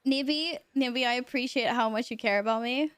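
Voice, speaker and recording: An excitable woman streamer with a fairly high voice chats casually with her viewers. She laughs often and swears when amazed. Her voice sounds dry and close, with no room echo. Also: fairly quick, clean tone. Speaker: livestreamer.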